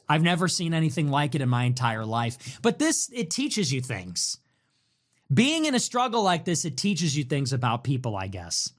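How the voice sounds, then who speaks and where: A young man holds forth alone in a heated, mocking rant. His voice sits high for a man and swings widely from low grumbles to sharp peaks. He curses freely and talks with contempt throughout. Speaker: commentator. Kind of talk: solo monologue rant.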